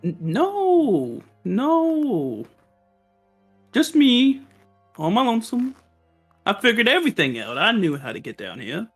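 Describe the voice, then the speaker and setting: A man voicing a brash, cocky young man who boasts loudly in a put-on accent, in a tabletop game. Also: high voice, wildly swooping pitch, slow, long pauses, faint music behind, exaggerated voice. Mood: boastful.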